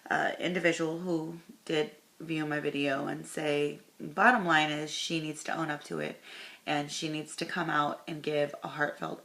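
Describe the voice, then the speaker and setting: A woman's voice: deep voice, vocal fry, fairly bright tone. A woman talking straight to camera in a casual commentary vlog, stopping herself to correct course, then reading posts aloud. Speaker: commentary vlogger.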